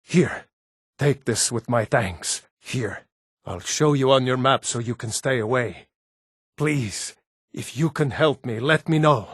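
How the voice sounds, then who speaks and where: An actor voicing assorted gruff adult Nord men in a fantasy video game, blunt and plain-spoken. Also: male voice, medium pitch, slow pace, dry recording, clean studio sound. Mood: pleading. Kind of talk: game voice lines.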